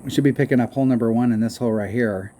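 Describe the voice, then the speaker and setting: A man's voice: medium pitch, steady tone, rapid-fire, mellow. Guy chatting through his golf game, jokey and rambly, bit of noise behind him. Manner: rambling, self-mocking, hums and sings little tunes. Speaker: mobile game player commentating. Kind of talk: casual gameplay commentary.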